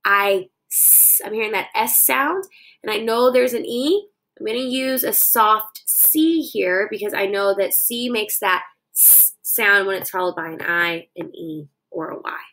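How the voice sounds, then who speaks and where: A woman's voice: mid-range voice, measured pace, sharp tone, poor audio. A young woman teaching children a phonics dictation lesson, sounding out words syllable by syllable into her phone.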